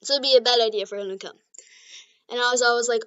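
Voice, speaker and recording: A woman's voice: on the high side, steady tone, fast talker, pushed and bright, clean tone. A woman casually retelling a fan-made story, rambling with lots of fillers, in a lo-fi recording. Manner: rambling, giggly, filler-heavy.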